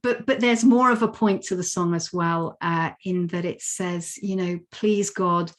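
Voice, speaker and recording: A woman's voice: lowish voice, fairly even intonation, moderate pace. A woman giving an online talk on a video call, explaining songs and singing wordless melodies to teach them. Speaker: presenter of a song talk. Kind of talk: online talk with sung demonstrations.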